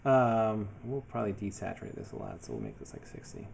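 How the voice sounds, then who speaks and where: A man talking casually through his design work as he goes, thinking aloud in a relaxed way with many fillers. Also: fairly low pitch, a little fast, creaky, a little hiss or hum. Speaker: web developer building his portfolio. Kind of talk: casual screen-share commentary.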